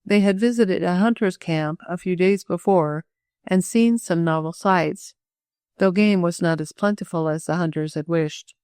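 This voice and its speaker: A woman narrating a children's audiobook in a steady, even reading manner. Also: fairly low pitch, normal speed, clean tone, no room sound, clean studio sound. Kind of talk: scripted narration.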